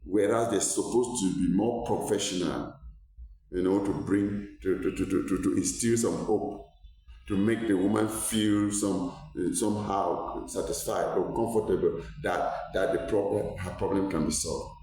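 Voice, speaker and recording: A man's voice: sits low, steady tone, measured pace, warm tone, far from the mic. Earnest man in an echoey room. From Cameroon. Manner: earnest, repeats words when searching, rises when stressing a point. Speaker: doctor and health educator. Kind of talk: health talk to viewers.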